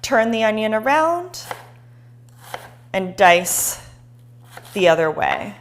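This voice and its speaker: A woman's voice: medium pitch, big pitch swings, slow. A woman hosting a live cooking show, chatting and encouraging viewers as she chops.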